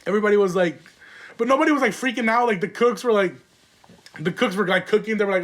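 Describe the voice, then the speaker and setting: A young man with a notably high voice for a man tells loose, rambling stories on his podcast. He talks in slang, swears freely and fills his sentences with "like" and "um." It is an easygoing, solo monologue. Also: quick pace, a bit bright. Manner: rambling, profane, slangy, lots of fillers. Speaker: podcast host. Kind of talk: casual storytelling monologue.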